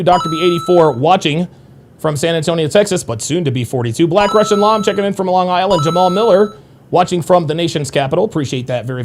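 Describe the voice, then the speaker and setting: A man with a fairly high, very lively voice hosts a live stream, reading viewer shout-outs and comments aloud. His pitch swings widely, and he turns blunt and heavily profane when he pushes back on critics. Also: background noise. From United States. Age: adult. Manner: profane, combative when angered.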